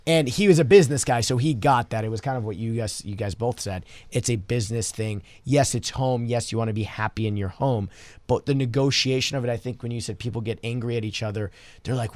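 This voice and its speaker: A man, a real estate broker, talking in a relaxed casual panel chat and telling stories. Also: medium pitch, fairly quick, no room sound. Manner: storytelling, relaxed, repeats words.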